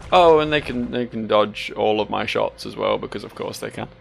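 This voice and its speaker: A low, gravelly man, short on sleep, rambling through casual gameplay commentary. He swears freely and drifts into self-mocking asides, with faint game music underneath. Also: normal speed. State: sleep-deprived. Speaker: let's play host.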